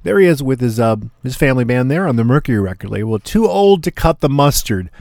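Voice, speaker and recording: A man spinning records on a rockabilly radio show, talking in an easygoing, slangy way between songs. His voice sits at an ordinary middle pitch. It is recorded close and dry, with no room sound. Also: sing-song, quick pace, gravelly, a little mellow, no echo. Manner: laid-back, slangy hipster patter. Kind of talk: casual radio show chat.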